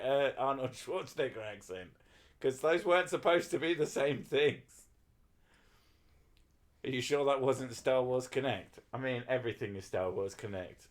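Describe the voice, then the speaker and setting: A man chatting casually on a livestream, rambling and swearing while he talks to his viewers. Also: medium pitch. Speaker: streamer.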